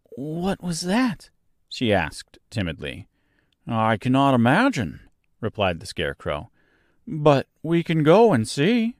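A man narrating a children's storybook aloud as a podcast host, in a slow, expressive storytelling manner. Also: on the low side, no room sound, clean studio sound.

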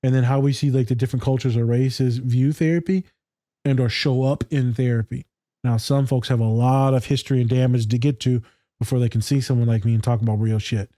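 A man's voice: mid-range voice, steady tone, brisk, dark tone, no room sound, studio quality. A man co-hosting a casual podcast chat as a therapist, talking candidly with swearing and laughter. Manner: candid, swearing, laughing, acts out quoted voices. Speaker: co-host, therapist.

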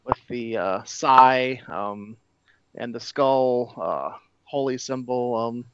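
A man playing a tabletop game, describing his character's gear haltingly with many pauses. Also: mid-range voice, a bit bright, clean tone, lo-fi sound. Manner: halting, lots of "uh". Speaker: player. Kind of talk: casual tabletop game chat.

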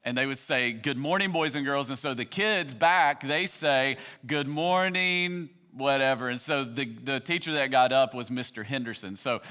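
A man's voice: mid-range voice, normal speed, few pauses, sharp tone. A man in his thirties preaching a sermon as a pastor, conversational and building to passionate emphasis.

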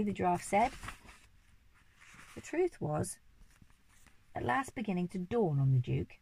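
A woman's voice: on the low side, big pitch swings, measured pace, vocal fry, long pauses, warm tone, slight background noise, poor audio. A woman reading a children's story aloud expressively, now and then correcting small slips.

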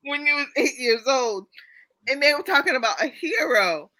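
A woman's voice: high-pitched, expressive, normal speed, pushed and bright, poor audio. A woman co-hosting a casual reality-TV recap podcast, rambling and breaking into laughter as she talks. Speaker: podcast co-host.

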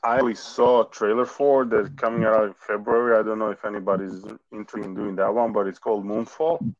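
A man's voice: on the low side, steady tone, fairly quick, lo-fi sound. A man in casual podcast chat.

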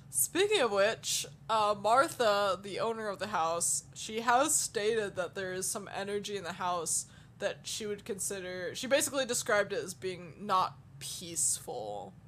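A woman's voice: medium pitch, animated, unhurried, a bit bright, slight background noise. A woman co-hosting a paranormal podcast, chatting casually and reading out notes with frequent laughs. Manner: laughs often, reads details aloud. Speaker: podcast co-host.

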